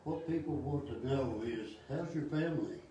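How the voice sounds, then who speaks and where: A man's voice: medium pitch, normal speed, warm tone. A man speaking in a casual group discussion in a folksy, encouraging way. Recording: echoey room, far from the mic, noisy.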